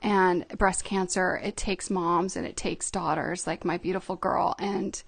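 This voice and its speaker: A middle-aged woman speaking as a podcast guest, telling a personal story in a soft, halting way with many fillers. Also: on the low side, fairly even intonation, vocal fry.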